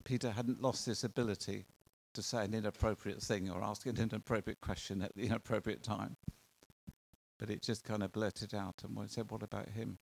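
Gravelly man preaching a sermon. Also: fairly low pitch, steady tone, moderate pace, a little mellow, a little hiss or hum. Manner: earnest, conversational preaching with rhetorical questions.

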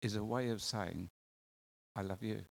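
Gravelly man preaching a sermon. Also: fairly low pitch, a little slow. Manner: earnest, conversational preaching with rhetorical questions.

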